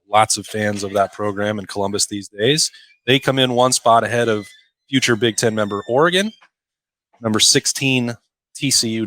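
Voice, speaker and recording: A man's voice: lowish voice, fairly bright tone. A man co-hosting a casual sports podcast, reading out a list with dry jokes in between. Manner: dry joking, reads out a list. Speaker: podcast co-host.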